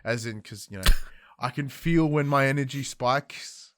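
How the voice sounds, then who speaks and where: An Australian podcast host in his thirties chats casually in a mid-range voice, speaking a little slowly as he tells animated stories and acts out the quotes. The clean studio sound has no echo.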